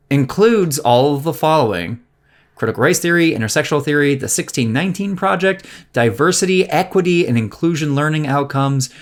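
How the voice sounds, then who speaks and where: A man co-hosting a podcast, talking bluntly and with a lot of profanity in casual political chat. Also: mid-range voice. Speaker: podcast co-host.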